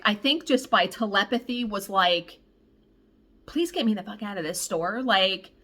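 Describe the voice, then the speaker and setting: Female craft vlogger, lively storyteller, bright voice, fairly high, salty language. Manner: animated, profane, exasperated storyteller. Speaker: cross-stitch vlogger. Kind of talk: casual storytelling.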